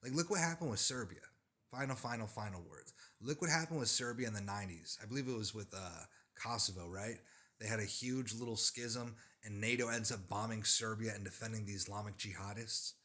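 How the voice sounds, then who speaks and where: This religious commentator delivers an emphatic monologue, insistent and lecturing, repeating his points for emphasis. His pitch is fairly low, his pace fairly quick, and his tone sharp.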